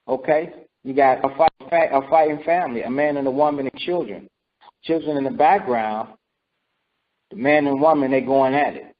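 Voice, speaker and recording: A man's voice: medium pitch, normal speed. A man teaching scripture in a sermon, repeating himself and asking "right?" and "okay?" as he goes. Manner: repetitive, calls for responses with "right?" and "okay?". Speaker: teacher leading scripture study. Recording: dull lo-fi recording.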